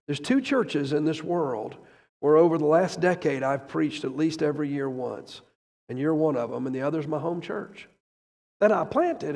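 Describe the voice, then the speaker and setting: An older man preaching, emotional and rambling at first, then rising loud and fervent. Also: fairly high pitch, vocal fry. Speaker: traveling preacher. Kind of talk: sermon. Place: church sanctuary. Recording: echoey church hall.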